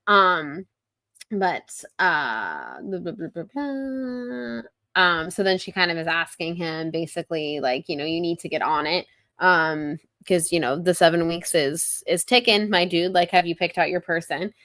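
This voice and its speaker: A woman's voice: fairly low pitch, expressive, normal speed, fairly bright tone, no echo. A woman co-hosting a podcast, casually retelling a book's chapters in a chatty way, with lots of "like". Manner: chatty retelling, heavy use of "like". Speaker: podcast co-host. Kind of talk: casual book-discussion chat.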